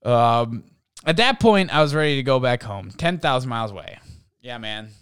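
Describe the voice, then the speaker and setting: Rambling man with a smooth voice. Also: medium pitch, lively intonation, normal speed, fairly bright tone, dry recording, clean studio sound. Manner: rambling, with many fillers and restarts. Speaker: podcast host. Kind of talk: casual comedic monologue, reading listener stories.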